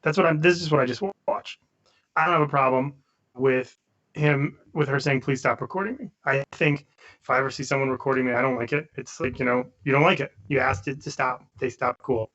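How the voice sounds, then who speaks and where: A man co-hosting a casual podcast, giving his opinions in a halting way with frequent restarts. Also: mid-range voice, fairly even intonation, fairly bright tone, muffled recording. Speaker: podcast co-host.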